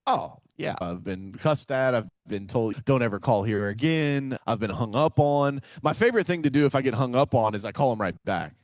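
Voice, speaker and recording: A man's voice: medium pitch, brisk, few pauses, no echo. A man from Kentucky, a real estate investor guest on a casual podcast interview, telling stories energetically and acting out phone calls in a folksy way. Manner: energetic, animated storyteller who acts out phone calls; folksy, says "man" and "right?" often.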